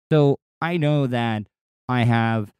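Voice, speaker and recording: A man hosting his own podcast in a casual solo monologue, with a distinctive voice that is not deep, talking in a rambling, crude, candid way with frequent restarts. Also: extremely slow, darkish tone, clean tone, dry recording. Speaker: podcast host and radio personality.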